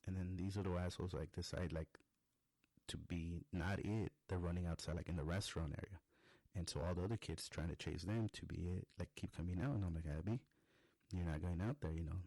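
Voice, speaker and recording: A man's voice: sits low, brisk, gravelly, warm tone, husky, no room sound. A young adult man on a podcast, telling a rambling, profane story in a casual monologue. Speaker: podcast host.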